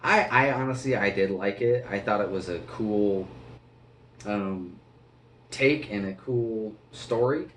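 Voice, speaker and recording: A man's voice: fairly low pitch, slow, a bit bright, echoey room, distant mic, slight background noise. A man giving an earnest, rambling, casual reaction to a film as a movie reviewer.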